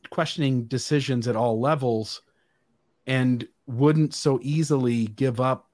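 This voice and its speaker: A man joins a conversational discussion and lays out his case with earnest emphasis. He builds his points in long, piling sentences, leaning on repetition to drive them home. His voice sits at an ordinary middle pitch for a man. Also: darkish tone.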